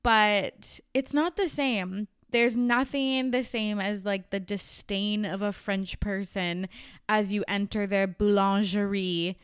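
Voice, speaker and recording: A woman's voice: medium pitch, steady tone, slow pace, clear, resonant tone, no echo, clean studio sound. A young adult woman hosting a podcast in casual chat, laughing often and swearing freely. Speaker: podcast host.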